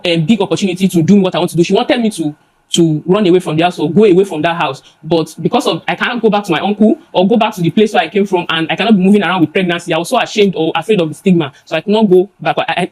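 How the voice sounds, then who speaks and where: A young woman with a Nigerian accent giving emotional testimony before a judge, rushing and halting with many restarts and repeated words. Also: fairly low pitch, a little mellow, poor audio.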